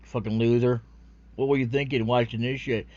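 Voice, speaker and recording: A man putting on a sneering voice that mocks a lonely viewer, loud and jeering, on a dull lo-fi recording. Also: mid-range voice, flat delivery, moderate pace, no echo, lightly acted. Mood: mocking. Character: sneering taunting male voice mocking a lonely viewer.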